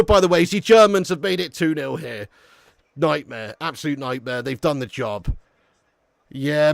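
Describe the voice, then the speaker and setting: A man hosts a live football watch-along, his voice sitting slightly high. He talks in quick, excitable banter and laughs often as he answers chat. The sound is dry and close. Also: gravelly, no echo. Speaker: live stream host watching a football match.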